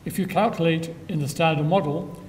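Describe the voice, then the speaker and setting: An older man giving a public science lecture with dry humor and frequent filler pauses, recorded in a lecture hall from a distance. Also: darkish tone. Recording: echoey hall from far off, faint rumble.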